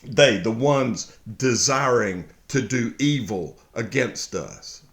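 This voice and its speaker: A man slowly reading and explaining a Bible psalm, halting often, then bursting into excited shouts. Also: medium pitch. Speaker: Bible teacher. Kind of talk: casual verse-by-verse Bible reading and commentary. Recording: echoey room.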